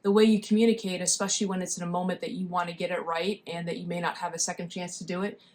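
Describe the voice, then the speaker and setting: A woman's voice: lowish voice, very fast. Joking woman co-host telling stories. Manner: animated storyteller, joking. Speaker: co-host, emcee. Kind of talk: casual podcast chat.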